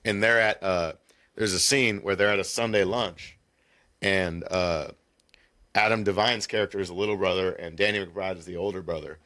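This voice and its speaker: A man's voice: deep voice, steady tone, normal speed, pushed and bright. A man on a casual podcast, telling stories in a rambling way and acting out the scenes. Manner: rambling storyteller, acts out scenes with laughter. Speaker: podcast co-host. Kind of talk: casual chat.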